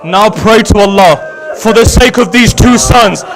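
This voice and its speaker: A man's voice: high-pitched, unhurried. A man delivering an emotional religious sermon, telling a story dramatically with rhetorical questions to his audience. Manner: dramatic storytelling, voice swinging from loud to hushed. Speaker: Shia religious speaker. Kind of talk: emotional majlis sermon narration.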